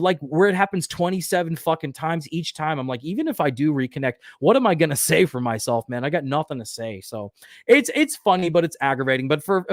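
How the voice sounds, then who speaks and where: A man's voice: on the high side, dry recording, studio quality. Profane, rambling man on a livestream. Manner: profane, self-deprecating, rambling; reads viewer comments aloud. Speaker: livestream host. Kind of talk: casual solo livestream chat.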